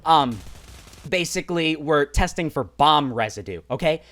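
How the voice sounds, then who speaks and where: A man's voice: on the high side, animated, normal speed, fairly bright tone. A man voicing a stern male airport security officer who speaks formally and by the book. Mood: matter-of-fact. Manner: formal, procedural.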